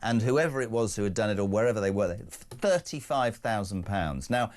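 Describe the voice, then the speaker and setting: A man's voice: lowish voice, expressive, moderate pace, darkish tone. A man with an English accent hosting a breakfast talk show, blunt and indignant, with joking asides. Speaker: radio and TV breakfast show host. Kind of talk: opinionated talk radio chat.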